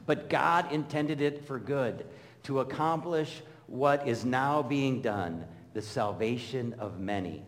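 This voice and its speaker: A middle-aged man preaching a sermon, telling stories and acting out the voices of people he quotes. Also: mid-range voice. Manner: storytelling, animated, acts out quoted voices. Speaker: pastor. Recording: long hall reverb.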